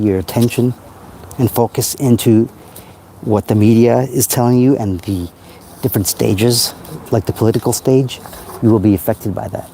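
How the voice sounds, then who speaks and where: A man's voice: on the low side, mellow, slight background noise. A man talking in a rambling, self-help way on a casual livestream, outdoors at night by a parked car, into a phone.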